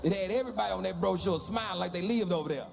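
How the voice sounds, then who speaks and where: A man's voice: high-pitched, racing, vocal fry, faint music behind. A man performing stand-up comedy, telling a story and acting out the people in it in exaggerated voices. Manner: animated, acts out dialogue in exaggerated voices.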